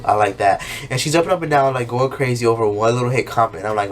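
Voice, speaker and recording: A man's voice: mid-range voice, fast talker, few pauses. Guy youtuber ranting about a show, swears a lot, does silly voices for the characters, light background hum. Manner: chatty, acts out characters' lines in jumping, exaggerated voices. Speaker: YouTuber reviewing a TV episode. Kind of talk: casual, profane recap monologue.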